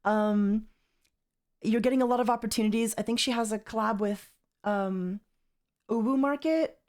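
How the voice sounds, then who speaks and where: A woman's voice: on the high side, moderate pace, a little mellow. A woman streamer reacting on a live stream, rambling and exasperated, repeating herself as she talks. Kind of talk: casual livestream commentary.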